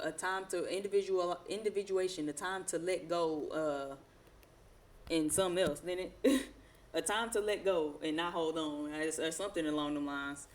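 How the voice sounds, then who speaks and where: A woman doing a casual tarot reading, talking in slangy, profane, rambling asides and laughing often. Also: sits low. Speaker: tarot reader.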